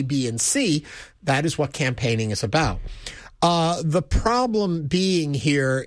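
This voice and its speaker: A man with a fairly high voice co-hosts a call-in talk radio show. He sounds conversational and opinionated as he invites listeners to share their thoughts. The studio sound is close and dry. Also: no room sound. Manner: conversational, takes listener calls, gives opinions.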